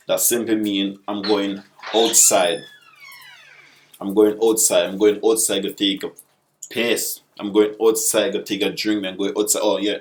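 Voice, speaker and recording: A man's voice: on the low side, level tone, unhurried, a little hiss or hum. A man with a Jamaican accent teaching basic patois in a casual video lesson, repeating example phrases.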